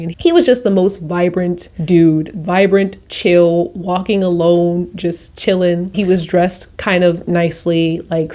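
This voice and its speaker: A young woman vlogger telling a travel story in a casual, animated way, acting out her own quotes with high excited bursts.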